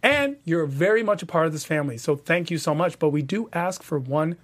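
A man hosting a TV after-show panel in casual chat, switching into animated, theatrical delivery for his sign-off pitches. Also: brisk. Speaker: podcast panel host.

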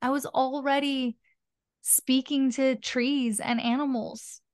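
A woman's voice: high voice, slow pace. A woman guest on a podcast talking casually and expressively, swearing now and then. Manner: expressive, swears casually, acts out inner voices. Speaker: podcast guest, spiritual mentor. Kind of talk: casual conversational interview.

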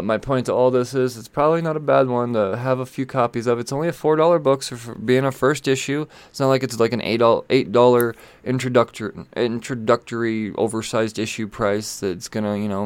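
A man's voice: mid-range voice, steady tone, brisk, hardly any pauses, clear, resonant tone, no echo. Blunt rambling man reviewing comics. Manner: rambling, blunt, swears casually, trails off. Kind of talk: casual video commentary.

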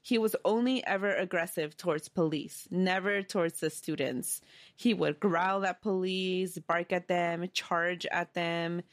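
A woman with a lowish voice tells a story to her co-host in a relaxed, chatty way, filling pauses with ums and likes. The recording is dry and close, with no room sound. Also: dry recording. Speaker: podcast co-host telling the story. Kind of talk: casual storytelling chat.

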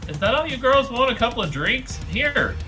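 A man playing in a tabletop role-playing game, talking in an animated way. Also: very high-pitched, normal speed. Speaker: player. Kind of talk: casual in-character play. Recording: music playing clearly behind.

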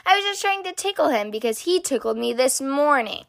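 A woman's voice: sits high, expressive, fairly quick, creaky. Woman doing a whiny little girl bear cub. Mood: protesting. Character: small girl bear cub, squabbling and defensive.

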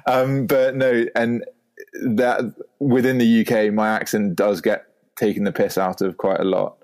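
Posh young English man, halting. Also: fairly low pitch, flat delivery, a little mellow. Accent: posh London English. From England. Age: 20s. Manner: hesitant, stammering, self-conscious. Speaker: podcast guest. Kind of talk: casual chat.

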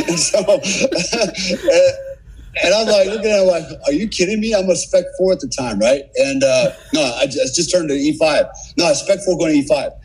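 A man in his sixties, a military veteran guest on a podcast, telling war stories in a casual, animated way and swearing freely. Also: fairly high pitch, normal speed, slight background noise, rough recording. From United States. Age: 60s. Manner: profane, animated war-story teller. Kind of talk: casual storytelling.

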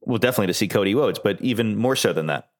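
A man co-hosting a podcast in casual chat with brief, low-key replies. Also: lively intonation, rapid-fire. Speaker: podcast co-host.

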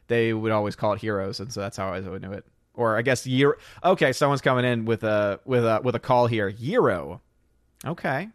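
A man's voice: mid-range voice, quick pace, few pauses, no room sound, clean studio sound. A man hosting a casual podcast, reading out chat comments, rambling and laughing often.

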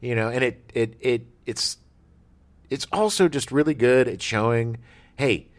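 A man's voice: medium pitch, unhurried. A man co-hosting a podcast, chatting casually and cracking jokes about movies and TV. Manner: joking, animated pop-culture banter. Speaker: podcast co-host. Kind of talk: casual chat.

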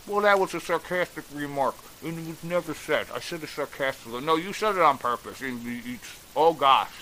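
A man rants in a blunt, exasperated way and swears without holding back. His voice is bright and forceful and sits a little high. A faint hiss runs under the recording. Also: low-quality recording. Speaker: political commentator. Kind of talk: ranting opinion vlog.

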